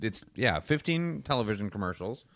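Sardonic man with a lively pitch. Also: fairly quick, dry recording. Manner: sardonic, swears often. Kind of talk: casual chat.

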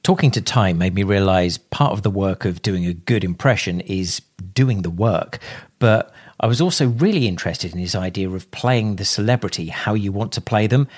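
Male podcast host asking curious questions. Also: fairly low pitch. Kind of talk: podcast narration and interviewing.

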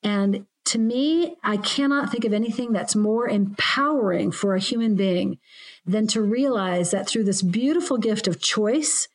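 A woman's voice: medium pitch, a little slow. A woman speaking as a guest coach who explains her ideas in a reflective, earnest way during a casual podcast chat.

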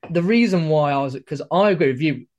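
A man's voice: fairly high pitch, highs cut off. A man chatting as a guest on a podcast, telling stories animatedly and swearing freely. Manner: animated, swearing, rapid storytelling. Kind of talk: casual podcast chat.

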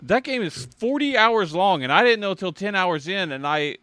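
A man chatting casually as a podcast co-host, with a bright, forceful voice. His pitch swings widely as he tells stories, laughs and swears freely. The sound is dry and close, with no room echo. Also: animated, normal speed, clean tone. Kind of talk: casual chat.

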